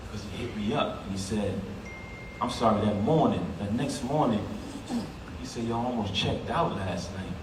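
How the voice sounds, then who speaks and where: A man with a New York accent giving a heartfelt eulogy at a funeral, speaking emphatically and casually, straight to the crowd. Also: fairly low pitch. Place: funeral service in a large echoey hall. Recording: echoey hall from far off, noisy.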